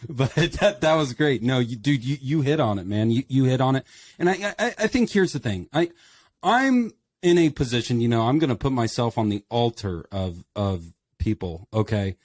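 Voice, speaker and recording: A man's voice: mid-range voice, darkish tone, dry recording. Fired-up man, dry close sound. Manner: impassioned, emphatic rhetorical questions. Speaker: podcast panelist. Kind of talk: casual podcast discussion.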